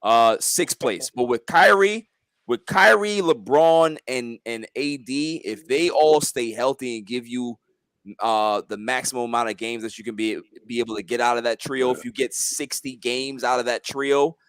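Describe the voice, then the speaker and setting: A man in a casual sports chat, giving his takes in halting, restarting phrases. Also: mid-range voice, fairly bright tone, smooth, no room sound. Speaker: panel guest.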